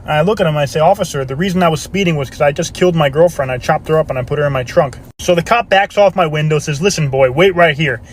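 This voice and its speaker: Fast-talking man telling joke stories. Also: a little high, slight background noise. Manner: quick, animated joke delivery with voiced quotes. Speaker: storyteller. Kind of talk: comedic anecdote storytelling.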